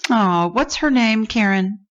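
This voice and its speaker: A woman's voice: a little high, lively intonation, takes it slowly. A woman hosting a call-in podcast, talking in a soothing, chatty, descriptive way. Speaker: podcast host and psychic. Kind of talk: call-in show chat. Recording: dull lo-fi sound.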